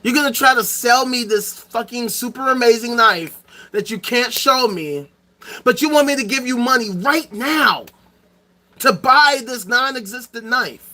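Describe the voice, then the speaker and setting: Streamer host, livestream rant to chat, bright forceful voice, sarcastic, swears a lot. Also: mid-range voice, measured pace. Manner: profane, sarcastic, emphatic.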